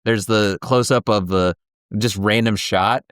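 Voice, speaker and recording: A man's voice: lowish voice, fairly even intonation, a little slow, a bit bright, clean tone, dry recording, studio quality. A man co-hosting a casual movie review chat, talking enthusiastically and now and then quoting lines in playful voices. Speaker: co-host of a movie review show.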